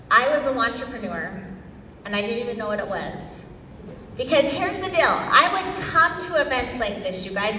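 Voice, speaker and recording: A woman giving an energetic motivational talk at a sales event, quizzing the audience and acting out her own past self. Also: high voice. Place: large event hall. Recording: echoey hall from far off, faint noise.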